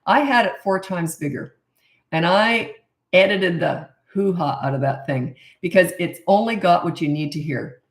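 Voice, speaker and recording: A woman's voice: lowish voice, normal speed. Middle-aged lady answering parenting questions live, blunt and chatty, roomy echo. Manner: blunt, chatty, laughs at herself. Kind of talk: casual live Q&A chat.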